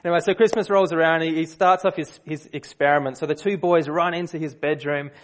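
A man preaching a sermon, telling a story in a relaxed, conversational way with fillers and restarts. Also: a little high, brisk.

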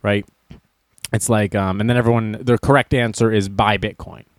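A man's voice: lowish voice, steady tone, moderate pace, no echo, clean studio sound. A man hosting a talk show, joking through news items and stories and laughing often. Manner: playful, laughs often, reads news items aloud with wisecracks. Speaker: radio show host.

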